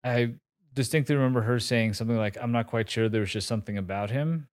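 A man in his forties tells a story as a podcast guest, candid and self-mocking, with casual swearing and plenty of fillers. His voice sits at an ordinary middle pitch. The sound is dry and close, with no room around it. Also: fast talker, dry recording. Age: 40s. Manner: candid, swears freely, laughs at himself, many fillers and restarts. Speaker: interview guest.

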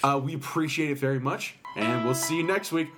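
A man's voice: mid-range voice, over loud music. A man hosting a casual podcast, teasing his friends with crude jokes. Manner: crude, teasing, fast joking. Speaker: podcast host.

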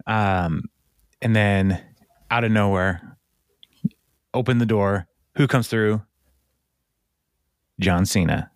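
A man's voice: on the low side, takes it slowly, long pauses, no room sound, clean studio sound. A man co-hosting a podcast, casually recapping a show and acting out lines in playful put-on voices. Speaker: podcast co-host.

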